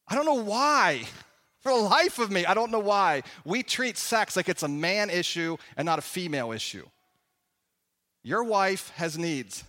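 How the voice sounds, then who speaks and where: A man's voice: high-pitched, in a large hall. A middle-aged man preaching a sermon, telling stories with comic asides and acting out voices. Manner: animated storytelling, acts out voices, comic asides. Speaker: pastor.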